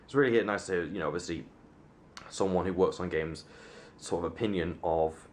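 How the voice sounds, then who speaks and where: A man's voice: low-pitched, brisk, a little hiss or hum. A young man chatting to camera in a casual vlog, rambling and self-mocking, with plenty of fillers and restarts. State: sunburnt. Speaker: vlogger.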